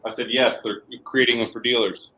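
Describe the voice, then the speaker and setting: A man co-hosting a live comic shop sales show, calmly listing deals and calling his viewers "folks". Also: mid-range voice, fairly quick, low-quality recording. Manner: easygoing, lists deals and repeats "folks".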